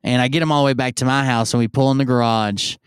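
A man tells a rambling, profane story in a relaxed streaming chat, slipping into other people's voices as he goes. His voice is smooth and resonant, and the sound is dry and close with no room echo. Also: mid-range voice, quick pace. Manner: rambling and profane, acts out yelled quotes. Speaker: streamer telling stories. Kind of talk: casual storytelling.

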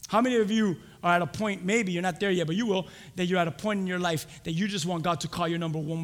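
A man preaching a sermon as pastor, swinging from loud, shouted lines to hushed whispers. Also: sits high, steady tone, fast talker, few pauses. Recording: long hall reverb.

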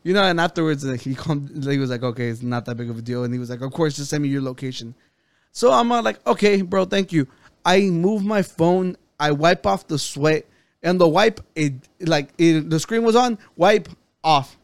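Sprechstimme eines Mannes, glatt und hoch. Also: male voice, on the high side, expressive, moderate pace, smooth, no room sound. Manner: rambling, swearing, quoting himself and others. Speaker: podcast co-host. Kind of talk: casual storytelling chat.

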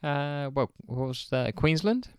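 Relaxed man hosting a podcast. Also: mid-range voice, moderate pace. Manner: relaxed, hesitant, chuckling along. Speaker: podcast host. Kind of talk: casual chat.

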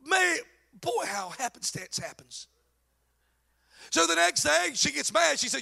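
A male pastor preaching a sermon. He drops to low asides, then shouts his points, and mocks the voices he quotes. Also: expressive, slow pace, vocal fry, pauses often. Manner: acts out quoted voices mockingly.

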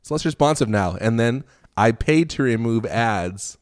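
A man's voice: medium pitch, lively intonation, moderate pace, dry recording, studio quality. A man co-hosting a casual podcast, playful and laughing as he reads listener reviews aloud. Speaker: podcast co-host. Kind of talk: casual chat.

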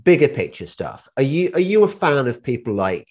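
A man's voice: mid-range voice, sing-song, moderate pace, darkish tone, breathy edge. A man hosting a casual interview, asking rambling questions and telling anecdotes.

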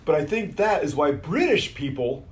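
A man's voice: a little high, sing-song, moderate pace. A man co-hosting a casual podcast, a little tipsy, laughing and swearing freely, recorded on a phone. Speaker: podcast co-host. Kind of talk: casual chat.

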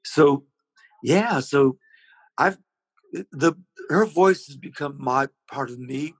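A man's voice: mid-range voice, takes it slowly, husky, no room sound, rough recording. A man being interviewed, telling long rambling stories about his singing with many restarts. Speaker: interview guest, singer. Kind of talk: casual storytelling.

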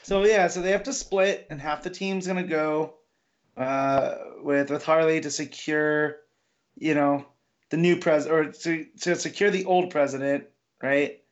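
A man's voice: a little high, steady tone, measured pace, lo-fi sound. A man co-hosting a podcast, chatting about comics in a loose, hesitant way. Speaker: podcast co-host. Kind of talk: casual comic book discussion.

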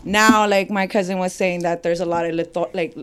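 A young woman from East Los Angeles, chatting as a guest in a relaxed, slangy way and laughing often. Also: on the low side, brisk, clean tone. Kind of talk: casual podcast chat.

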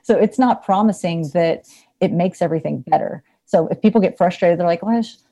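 Mellow-voiced woman, reflective and laughing. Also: fairly low pitch, fairly quick. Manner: reflective, laughs often, many fillers. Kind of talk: casual conversation.

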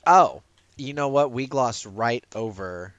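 A man co-hosting a podcast in casual chat, animated, laughing and often restarting his sentences. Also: mid-range voice, slow pace, no room sound, highs cut off. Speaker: podcast co-host.

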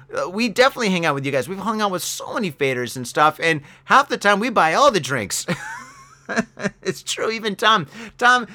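A man's voice: fairly high pitch, sharp tone. A middle-aged man hosting a podcast alone, rambling and joking at his own expense in a casual chat. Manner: rambling, jokey, self-deprecating. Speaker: podcast host. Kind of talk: casual monologue. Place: Japan.

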